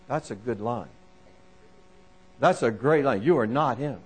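A man preaching a sermon to a live congregation, animated and repetitive, calling out listeners by name. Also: medium pitch, a little slow, pauses often, husky.

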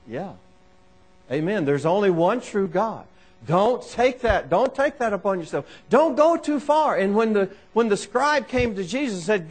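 A male preacher with a high, lively voice that leaps up and down in pitch. He preaches to a congregation in a church, repeating his points and calling out listeners by name. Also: normal speed. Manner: animated, repetitive, calls out listeners by name. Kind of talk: sermon.

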